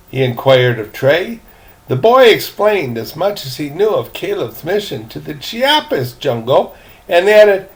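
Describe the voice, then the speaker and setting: A man's voice: high-pitched, big pitch swings, measured pace. An older man reading a novel aloud, folksy, stopping for chatty asides to the listener. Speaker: reader, storyteller.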